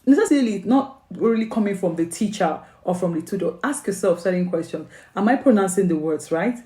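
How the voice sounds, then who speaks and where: A woman with a Nigerian accent, working as an English tutor, gives earnest, coaxing exam advice in a motivational video. Her mid-range voice is expressive, mellow and fairly quick, and the sound is roomy. She asks many questions and keeps checking in with "okay?"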